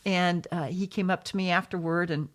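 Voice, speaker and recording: A middle-aged American woman, an author guest in a casual interview, tells stories as a warm, effusive storyteller full of exclamations. Her voice is fairly low, with fairly even intonation and a moderate pace.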